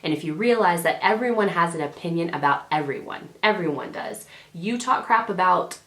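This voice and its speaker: A woman's voice: lowish voice, animated, normal speed, fairly bright tone. A woman in her twenties giving rambling, sassy advice straight to her camera, often correcting herself as she goes. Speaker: beauty vlogger. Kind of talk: casual chatty advice to camera. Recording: roomy home camera audio.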